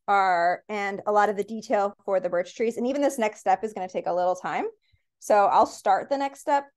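A woman's voice: mid-range voice, a little mellow. Woman, painting instructor, upbeat, encouraging, step-by-step instructions. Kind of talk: live paint-and-sip class instruction.

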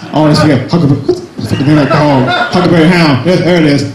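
A man's voice: fairly high pitch, quick pace, reverberant, heavy background noise. A young man doing a crude, self-mocking stand-up set at an open mic, full of jumpy asides. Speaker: stand-up comedian. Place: small cafe comedy night.

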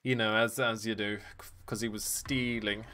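A young male streamer with a bright, forward voice chatting loosely as he plays. He jokes, riffs and laughs between lines. A faint hum sits behind him. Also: fairly low pitch, little pitch movement, normal speed. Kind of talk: casual gameplay commentary.

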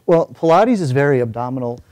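A man's voice: mid-range voice, lively intonation, brisk, darkish tone, no echo. A man who is a fitness trainer, out of breath as he talks someone through exercises. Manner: giving instructions while exercising. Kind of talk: coaching a workout while talking.

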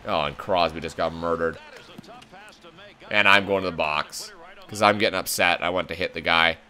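A man's voice: low voice, fairly even intonation, normal speed, sharp tone. A man commenting on his own hockey video game play, calling the action like a broadcaster and swearing when it goes wrong. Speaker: gaming channel host.

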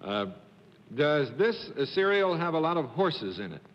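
Man, panelist, hesitant, somewhat high pitch, echoey studio, dull old broadcast. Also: big pitch swings, a bit bright. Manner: hesitant, halting. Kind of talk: game show questioning. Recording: dull 1950s TV studio sound with hall echo.

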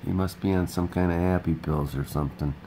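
A man's voice: sits low, fairly even intonation, brisk, mellow, slight background noise, poor audio. A man hosting a casual vlog, chatting in a rambling, upbeat way with a bit of pep talk. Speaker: vlog host.

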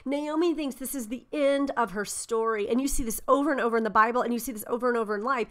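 A woman's voice: a little high, fast talker. Earnest woman teaching a Bible study. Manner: earnest, often asks "right?"; informal with frequent "um".

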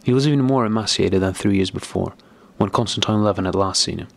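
A man narrating a classic novel as an audiobook in a measured, deliberate reading. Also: on the low side, gravelly.

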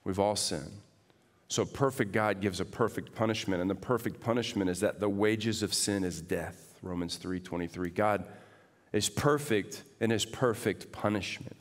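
Give me a man preaching a sermon, animated, shifting from loud to soft. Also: on the low side, moderate pace, long reverb tail. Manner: animated, swings from loud to hushed. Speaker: pastor. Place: church sanctuary.

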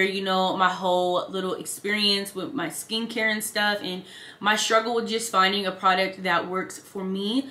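A woman's voice: medium pitch, sharp tone, reverberant. A woman in her twenties chatting casually while she does her makeup for a lifestyle vlog. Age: 20s. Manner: chatty, upbeat, slangy. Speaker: lifestyle vlogger. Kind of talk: casual get-ready-with-me narration. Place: bedroom at a vanity.

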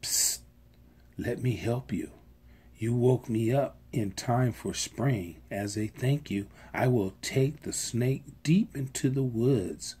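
Reader doing a soft-whispering old turtle, kind and wise, storybook figure, slow, husky. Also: mid-range voice. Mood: gentle. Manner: whispering softly.

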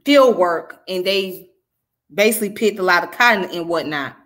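A woman from the Southern US with a Southern accent leads a relaxed live-stream lesson. She talks quickly in a conversational way, with a bright, forward tone, and often checks in with "you know what I'm saying.". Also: on the low side. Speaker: livestream host teaching history.

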